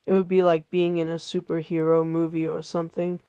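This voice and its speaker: Flat-toned cheerful text-to-speech voice. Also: medium pitch, a little fast, clean tone, lo-fi sound. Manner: cheerful and tidy, reacts with "haha" and plays along with every idea. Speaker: AI chatbot conversation partner. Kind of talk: scripted-sounding chatbot replies.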